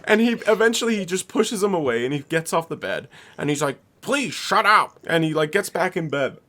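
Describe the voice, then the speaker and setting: A man's voice: fairly high pitch, big pitch swings, a little fast. Young guy on a podcast telling a story, rambly, swears a lot, laughs into it. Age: young adult. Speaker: podcast co-host. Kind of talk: casual storytelling.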